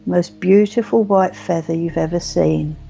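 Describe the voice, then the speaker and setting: A woman leading a guided meditation in slow, soothing, repetitive phrases. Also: lowish voice, steady tone, vocal fry, dark tone. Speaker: meditation teacher. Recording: muffled lo-fi recording with faint music.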